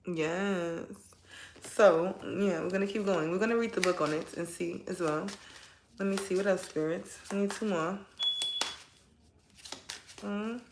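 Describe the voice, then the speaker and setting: A woman's voice: on the low side, measured pace, pauses often, echoey room, background noise. A woman giving a casual tarot reading from home, talking straight to her viewers in a chatty, heartfelt way. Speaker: tarot reader. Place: at home, kids nearby.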